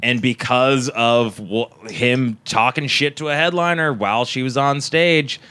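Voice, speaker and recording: A man's voice: mid-range voice, a little slow, smooth. A man, a comedian guest telling a long story in casual podcast chat. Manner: rambling, animated storyteller with frequent restarts. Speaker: comedian guest, club booker.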